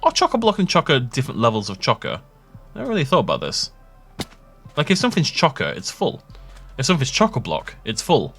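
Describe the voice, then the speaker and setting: A man's voice: mid-range voice, wildly swooping pitch, quick pace, fairly bright tone, breathy edge, faint music behind. A young man rambling and joking as he plays, self-mocking and chatty. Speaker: gaming YouTuber. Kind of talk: rambling gameplay commentary.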